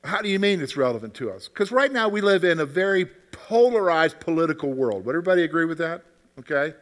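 A man's voice: on the high side, lively intonation, fast talker. A man leading a Bible study class as its teacher, asking the group questions and often checking in with "okay?". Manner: keeps checking in with "okay?", repeats phrases. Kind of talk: interactive class discussion.

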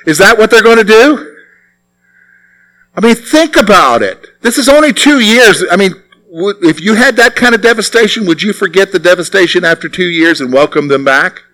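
A man preaching a sermon in an animated, conversational way, often putting rhetorical questions to his listeners. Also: sits high, normal speed, low-quality recording.

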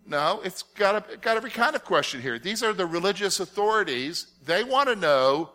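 A man's voice: high-pitched, big pitch swings, normal speed, few pauses, bright, forceful tone. A man giving a conversational sermon as a pastor, explaining step by step and often checking whether everyone understands. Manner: explains step by step, asks the audience rhetorical check-in questions. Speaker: pastor teaching a Bible study.

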